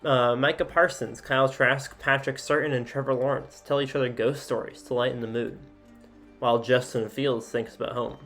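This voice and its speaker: A man with an ordinary mid-range voice hosts a casual sports commentary, reading event after event aloud. He fills gaps with "uh" and drops offhand remarks in between. Faint music plays quietly behind him. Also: medium pitch, fairly even intonation, normal speed. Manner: reads events aloud with frequent "uh" fillers and asides. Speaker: sports YouTuber.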